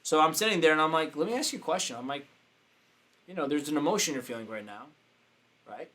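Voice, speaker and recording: A man, a business coach, telling a story casually and acting out the quotes with sudden jumps in pitch. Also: lively intonation, fast talker, fairly bright tone.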